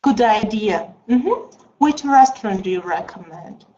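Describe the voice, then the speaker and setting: A woman teaching an English class online, slow and coaxing, with many mm-hmms. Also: mid-range voice, lively intonation, warm tone. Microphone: video call. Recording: dull lo-fi video call.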